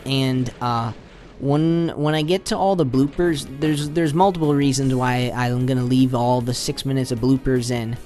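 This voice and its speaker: A man's voice: on the high side, darkish tone. A man doing a casual, rambling voice-over commentary on his own gameplay, often retelling his reactions. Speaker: channel host.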